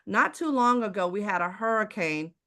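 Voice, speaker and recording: A woman's voice: mid-range voice, expressive, moderate pace, sharp tone. A woman from Houston with a Texan accent, giving a live online sales presentation. She talks emphatically and keeps firing rhetorical questions straight at her audience. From Houston, Texas.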